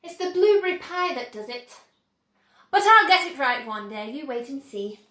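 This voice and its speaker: A woman voicing an eccentric male candymaker who speaks softly and ruefully. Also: high-pitched, lively intonation, normal speed, roomy sound. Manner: soft, sighing and rueful.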